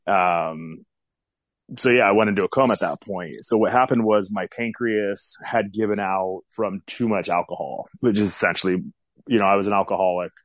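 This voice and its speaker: Interview guest, man, forties, low voice, dry close sound, candid and rambling delivery. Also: fairly even intonation, normal speed, no room sound. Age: 40s. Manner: candid, rambling with many fillers. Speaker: guest telling his story. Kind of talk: casual interview storytelling.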